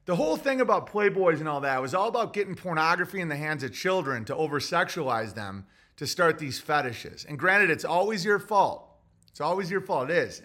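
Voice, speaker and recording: A man with a high, bright voice rants through a podcast commentary. He swears freely, trips over restarts and keeps pushing his point with agitated energy. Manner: profane, agitated ranting with restarts and mock voices. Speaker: podcast host. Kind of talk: rambling commentary monologue.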